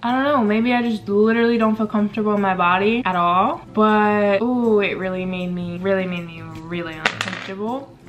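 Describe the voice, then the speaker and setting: A woman's voice: medium pitch, steady tone, fairly quick, muffled recording. A young woman vlogging casually to the camera, rambling and chatty with lots of fillers while doing her makeup at home. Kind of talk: casual vlog chat.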